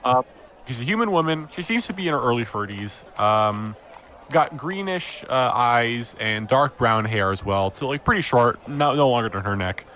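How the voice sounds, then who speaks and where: A man's voice: mid-range voice, lively intonation, moderate pace, bright, forceful tone, a little hiss or hum. A man serving as game master, narrating a tabletop game with a rambling, filler-heavy delivery.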